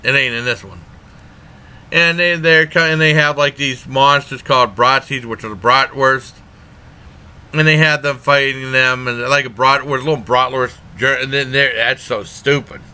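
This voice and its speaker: Man, casual reviewer, blunt and meandering, bright tone. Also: mid-range voice, steady tone, normal speed, smooth. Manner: blunt and rambling, with frequent fillers. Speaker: movie reviewer. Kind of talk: casual spoken movie review.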